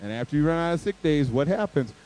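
A man preaching a sermon as a guest speaker at a church service, animated and playful, moving from loud emphatic bursts to quiet, earnest stretches. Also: fairly high pitch, fast talker, slight background noise, low-quality recording.

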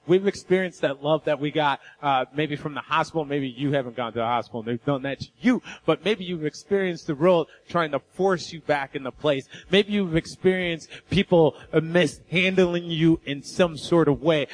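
High-voiced, animated young male preacher. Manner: animated, self-mocking storyteller. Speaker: guest preacher. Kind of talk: storytelling sermon.

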